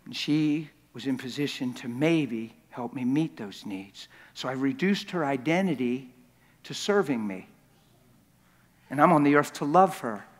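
A man's voice: medium pitch, lively intonation, measured pace. A man preaching a sermon in a large church, telling his story in an impassioned, confessional way. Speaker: guest preacher. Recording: long church reverb.

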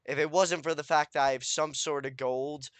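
A young man giving anxious, swearing commentary as he plays a survival game, talking to himself and pleading out loud. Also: on the high side, steady tone, normal speed, no room sound. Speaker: gaming YouTuber. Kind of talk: Minecraft let's play commentary.

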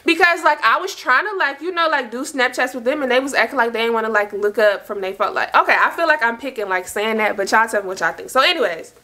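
Bright-voiced fast-chatting young woman. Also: on the high side, lively intonation. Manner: chatty, slangy, talks fast and loops back with asides. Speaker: storytime vlogger. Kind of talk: casual storytelling to camera.

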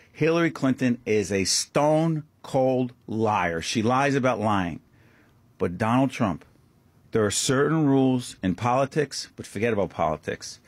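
Impassioned New talk radio host. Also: male voice, mid-range voice, animated, moderate pace, dry recording. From Newark, New Jersey. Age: 50s. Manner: impassioned, emphatic, rhetorical questions. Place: radio studio, standing. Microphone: studio microphone.

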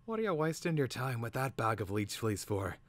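A man voicing an old, noble bird creature, in a rasping, hushed, urgent whisper. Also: mid-range voice, big pitch swings, brisk, pitched above the performer's own voice. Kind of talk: dramatic reading.

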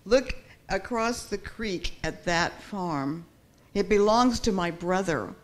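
A woman voicing a bitter, stubborn older farmer brother in a spoken story, talking slowly and deliberately. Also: medium pitch, expressive. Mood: resentful.

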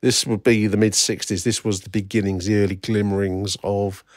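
A man's voice: fairly low pitch, little pitch movement, moderate pace, dry recording, clean studio sound. A middle-aged man from England hosting a solo podcast, talking in a wry, rambling way full of fillers and restarts. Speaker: podcast host. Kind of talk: casual solo podcast commentary.

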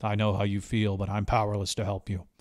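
A man voicing a gruff, blunt middle-aged space commander with a curt, clipped delivery. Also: on the low side, monotone, fast talker, a little mellow, no echo, studio quality, lightly acted. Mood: somber.

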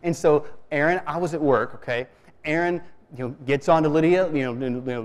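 A man's voice: a little high, brisk. Man telling a sermon story in a church. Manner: storytelling, conversational, with many restarts. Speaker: preacher. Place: church sanctuary. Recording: long reverb of a church hall.

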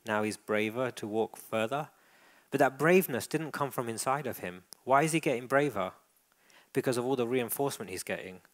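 A man giving a live dog-training demonstration, calmly narrating a dog's behaviour and encouraging the owner. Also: medium pitch, a little fast. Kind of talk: presentation with live coaching. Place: indoor event hall.

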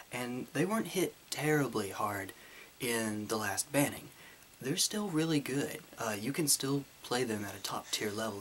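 Man, casual Q&A host, light Southern twang, voice held deep and full, mid pitch. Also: fairly bright tone, a little hiss or hum. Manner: deliberately deeper, fuller voice to tone down his twang. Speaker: YouTuber answering viewer questions. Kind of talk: casual Q&A monologue.

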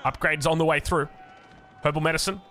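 A man's voice: a little high, steady tone, fairly quick, sharp tone. A man with an Australian accent doing chatty esports commentary on a strategy game, with self-mocking asides. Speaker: game caster.

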